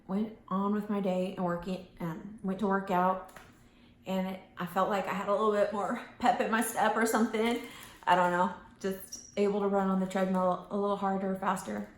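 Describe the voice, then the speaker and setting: Woman vlogging, casual rambly chat, middle pitch, echoey room. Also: little pitch movement, brisk. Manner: rambling, loses her thread, acts out quoted voices. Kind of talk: casual talking-to-camera vlog. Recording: roomy echo.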